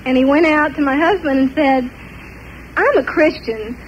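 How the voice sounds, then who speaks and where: An older woman telling a personal story in an animated way, often laughing between parts of it. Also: high voice, normal speed, muffled recording, a little hiss or hum. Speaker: testimony speaker.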